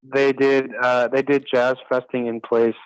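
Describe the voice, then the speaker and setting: A man's voice: medium pitch, little pitch movement, unhurried, clear, resonant tone, no room sound, rough recording. Easygoing man, dry close sound. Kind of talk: casual chat.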